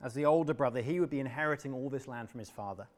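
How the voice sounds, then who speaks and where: A male preacher delivering a sermon, telling a parable with dramatic, expressive narration. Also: medium pitch, racing.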